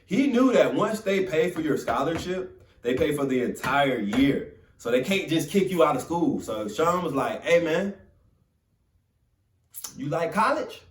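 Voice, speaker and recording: A young man from Florida telling a motivational story in an animated, casual, conversational way. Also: fairly high pitch, normal speed. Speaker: motivational speaker. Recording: roomy sound from a distant mic.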